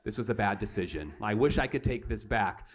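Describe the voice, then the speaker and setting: A young man preaching to his church, telling a childhood story with animated, self-mocking humor and acted-out voices. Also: fairly low pitch, a little fast. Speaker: pastor. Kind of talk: storytelling sermon. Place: church sanctuary.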